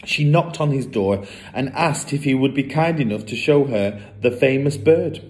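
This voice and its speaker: A man reading a children's book aloud in an expressive, lively storytelling manner. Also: mid-range voice, moderate pace.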